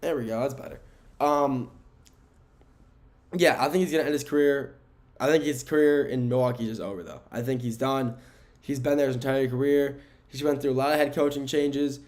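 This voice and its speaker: A young man talks sports on his podcast in a casual, meandering way. He gives strong opinions, trips over names and corrects himself. His voice sits at a middling pitch for a man, and he records at home. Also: normal speed, darkish tone. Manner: rambling, opinionated, self-correcting. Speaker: podcast host. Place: home room with window blinds.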